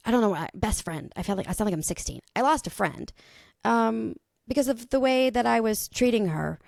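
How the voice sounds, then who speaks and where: Gravelly-voiced woman podcast host rambling. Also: medium pitch, no room sound, clean studio sound. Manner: rambling, thinks out loud, swears. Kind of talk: casual monologue.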